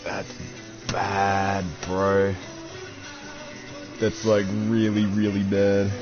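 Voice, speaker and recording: A man's voice: on the low side, completely flat delivery, drawn-out words. A young man, chatting casually and crudely while unboxing, swearing a lot and calling everyone dude and bro. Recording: dull lo-fi audio with faint music.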